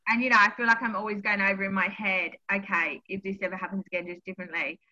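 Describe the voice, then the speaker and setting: Woman midwife, candid and self-searching, sharp tone, lo-fi line. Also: medium pitch, fairly even intonation, quick pace. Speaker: midwife and podcast guest. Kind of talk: casual chat.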